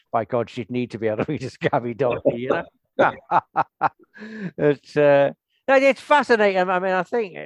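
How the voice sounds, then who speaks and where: A man's voice: on the high side, no echo. An older man hosting a podcast in casual chat, rambling with restarts and laughing often. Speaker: podcast host.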